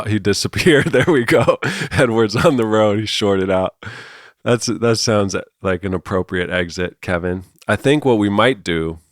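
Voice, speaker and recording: A man's voice: low-pitched, no room sound, clean studio sound. A male podcast host telling long, meandering stories in a loose, philosophical conversation. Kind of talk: rambling storytelling conversation.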